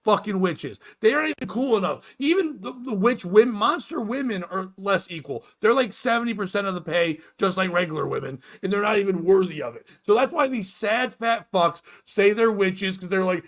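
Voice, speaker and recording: A man's voice: high-pitched, expressive. A man hosting a morning comedy stream, ranting crudely and mockingly, often laughing. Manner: loud, mocking, quick to laugh. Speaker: podcast host.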